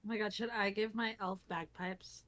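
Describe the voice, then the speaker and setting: A woman's voice: mid-range voice, fairly even intonation, normal speed, fairly bright tone. A woman playing a tabletop game with friends, chatting casually in an easygoing way. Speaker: player. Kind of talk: casual chat among friends.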